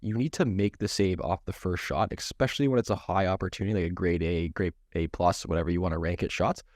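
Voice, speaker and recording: Low-voiced man in his thirties. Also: fast, darkish tone, dry recording, studio quality. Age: 30s. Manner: rambling and talkative, with many false starts and restarts. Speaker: goalie coach and podcast co-host. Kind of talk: casual podcast chat.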